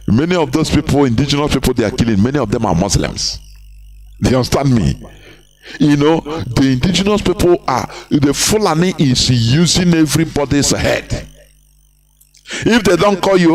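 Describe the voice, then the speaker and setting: A man's voice: a little high, sing-song, moderate pace. A man giving an impassioned live broadcast, emphatic and repetitive, firing rhetorical questions at his listeners.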